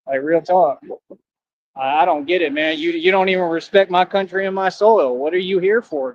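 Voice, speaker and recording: A man giving a rambling livestream monologue, boastful and confrontational, taunting his listeners in street slang and repeating catchphrases. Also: on the high side. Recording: dull lo-fi stream audio.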